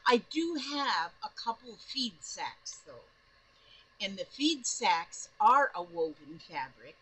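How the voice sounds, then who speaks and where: Excitable husky-voiced woman vlogger. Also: medium pitch, slow pace, poor audio. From northern Minnesota, USA. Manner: excitable, rambling, full of restarts. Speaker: doll-making vlogger. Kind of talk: casual rambling chat to camera. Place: home in Florida.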